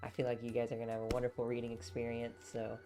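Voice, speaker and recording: A woman's voice: extremely low pitch, completely flat delivery, very fast, over music. A young woman streaming as she reads a novel aloud and chats with viewers in a rambling, easygoing way. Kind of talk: casual live stream chat and book reading.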